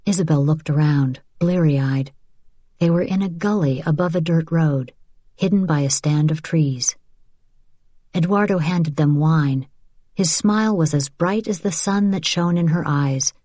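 Woman narrator, audiobook reading, low pitch, even measured delivery, dry close recording. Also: no echo. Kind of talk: scripted narration.

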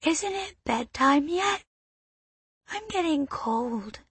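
A woman voicing a sleepy, innocent five-year-old girl with a soft, mumbling voice. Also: high-pitched, lively intonation, takes it slowly, no echo, voice pushed up, heavily acted.

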